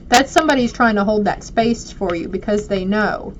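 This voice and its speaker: An oracle card reader talks warmly and straight to her viewers in a casual reading, her medium-pitched voice fairly quick with few pauses. The audio is dull and lo-fi, with a little hiss or hum.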